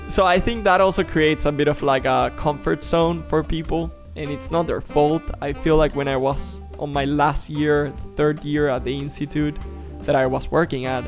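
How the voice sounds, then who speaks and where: A man in his thirties talking casually and jokingly to camera, full of "like" and laughter. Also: on the high side. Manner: animated, joking, peppered with "like". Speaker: vlogger. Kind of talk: casual vlog monologue.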